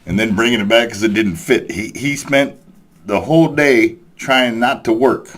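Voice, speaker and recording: A man's voice: medium pitch, moderate pace, fairly bright tone. A man telling a story in a profane, exasperated rant, chuckling as he goes. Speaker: vlogger ranting about a coworker.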